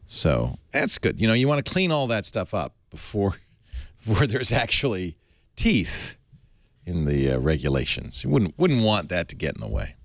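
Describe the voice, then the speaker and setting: A man's voice: low-pitched, normal speed, creaky, dry recording. A man hosting a casual tech podcast, reading news stories aloud with many fillers and chuckles. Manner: animated, reads news aloud with fillers and laughs. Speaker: host.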